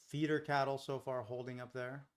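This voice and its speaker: A man at a mid pitch gives unhurried live trading commentary, thinking out loud as he moves from one market to the next. He keeps questioning his own trade ideas and drops in relaxed, joking asides. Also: clear, resonant tone. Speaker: futures day trader streaming live.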